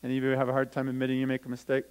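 A man's voice: medium pitch, monotone, racing, smooth, low-quality recording. A man, a pastor, reading a scripture story aloud and explaining it simply to children. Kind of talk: children's talk. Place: church sanctuary.

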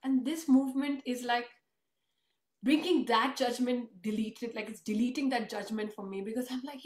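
A woman's voice: on the high side, moderate pace, a little mellow. A woman telling an emotional family story in earnest, conversational tones during an interview. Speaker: host and author. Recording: roomy echo.

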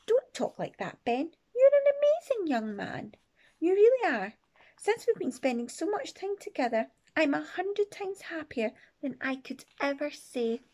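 A woman voicing a daring, sweet old grandmother who speaks in a hushed, lowered voice. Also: sing-song, unhurried.

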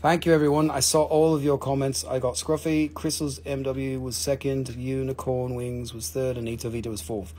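A man's voice: mid-range voice, level tone, normal speed, hardly any pauses, darkish tone. A man hosting a live stream to sell crystals, talking casually, swearing freely and counting down each sale.

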